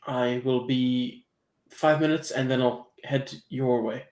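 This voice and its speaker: A man voicing a dutiful male carriage driver who reports matter-of-factly and softly. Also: mid-range voice, steady tone, slow pace, roomy sound, close to an everyday voice.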